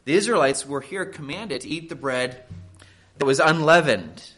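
A pastor with a notably high voice for a man, preaching a sermon. He speaks earnestly and emphatically, driving points home with pointed rhetorical questions. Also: normal speed, a bit bright, soft background music.

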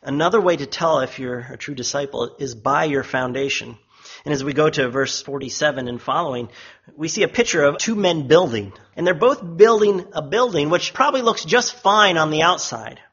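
A man preaching a sermon, emphatic, lifting his voice when he quotes others and dropping low and quiet on solemn lines, with a husky tone. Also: moderate pace, muffled recording.

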